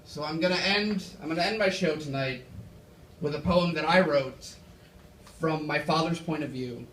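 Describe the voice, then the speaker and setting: A man's voice: fairly high pitch, normal speed, fairly bright tone, a little hiss or hum. A young man performing a rambling, self-deprecating stand-up set on a club stage. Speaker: stand-up comedian. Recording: echoey club from far off. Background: audience laughter.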